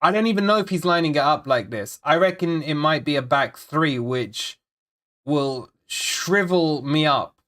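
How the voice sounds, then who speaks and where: A man's voice: fairly high pitch, lively intonation, measured pace, a bit bright. Frustrated rambling football fan man. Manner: frustrated, rambling, repeats himself, reads chat aloud. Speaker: fan channel host. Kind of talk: live football watch-along chat.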